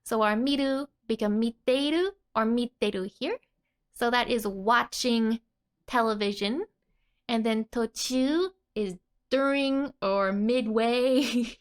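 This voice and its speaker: A woman's voice: on the high side, slow pace, smooth. A woman teaching a casual language lesson, laughing often between her explanations.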